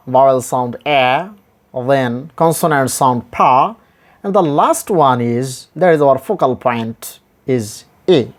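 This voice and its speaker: A man gives a pronunciation lesson at an unhurried pace, drilling each example word again and again. His pitch rises and falls a lot, and his voice lifts sharply on every stressed drill word. The delivery is deliberate and patient. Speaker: English pronunciation teacher.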